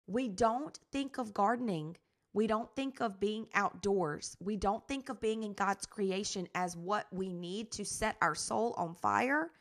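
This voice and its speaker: A woman's voice: fairly high pitch, fairly bright tone. A woman hosting her own gardening podcast, talking in an upbeat, encouraging, conversational way. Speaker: podcast host and garden coach. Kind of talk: casual podcast talk.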